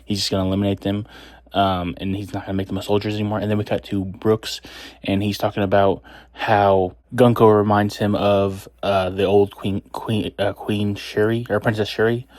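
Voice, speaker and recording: A man's voice: lowish voice, flat delivery, normal speed, darkish tone, no room sound, studio quality. Rambling man recapping a comic chapter. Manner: rambling, filler-heavy retelling with quoted lines. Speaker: manga chapter reviewer. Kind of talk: casual spoken recap.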